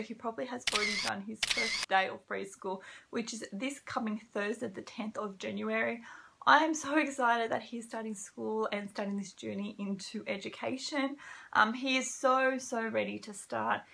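A woman's voice: a little high, vocal fry, sharp tone. A young woman, chatting upbeat through a casual haul vlog, with frequent ums. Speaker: vlogger.

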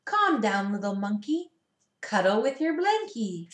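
A woman reading picture books aloud to young children, gentle and sing-song, pausing to ask them questions. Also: mid-range voice, sing-song, echoey room.

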